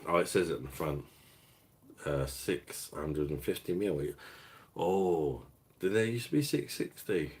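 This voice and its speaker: A man's voice: low voice, lively intonation, unhurried, darkish tone, husky. A man hosting a live beer-review stream, chatting casually and swearing as he reads viewers' messages. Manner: sweary, rambling, reads out chat.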